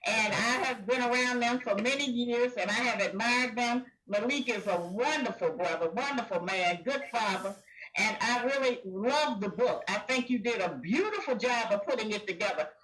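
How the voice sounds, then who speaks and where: An older woman talking bluntly and folksily, teasing her hosts. Her voice sits high and sounds bright. She comes through distant, as if set back from the microphone. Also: normal speed. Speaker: guest. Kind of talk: casual chat.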